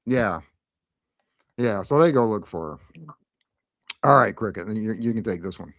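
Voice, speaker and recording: A man's voice: fairly low pitch, animated, unhurried, a bit bright. A man hosting a casual recap chat, laughing often and reading viewer comments aloud. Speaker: podcast host.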